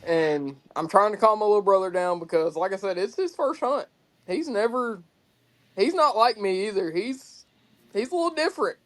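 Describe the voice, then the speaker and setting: A man's voice: high-pitched, normal speed, fairly bright tone. A man in his late twenties telling a hunting story in casual chat, acting out quotes and laughing often. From Georgia. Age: 20s. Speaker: guest.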